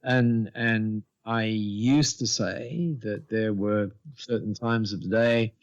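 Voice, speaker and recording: A man in his seventies, a podcast guest telling stories with lively quoted dialogue and many restarts. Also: on the low side, slow, lo-fi sound. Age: 70s. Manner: animated storyteller, lively quoting of others, many restarts. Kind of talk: storytelling in a podcast interview.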